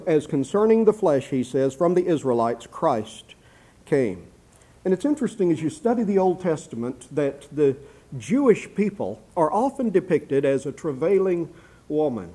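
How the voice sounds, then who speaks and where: A man preaching a sermon verse by verse, slowing down to read scripture aloud and often adding "if you please" as an aside. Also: a little high, warm tone. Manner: measured, slows for quoted scripture, repeats "if you please". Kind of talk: expository sermon.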